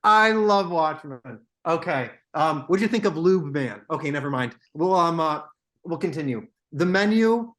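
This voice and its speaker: A young man co-hosting a casual movie podcast, excitable and quick to jump between topics. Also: fairly high pitch. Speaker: podcast co-host. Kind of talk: casual chat about movies.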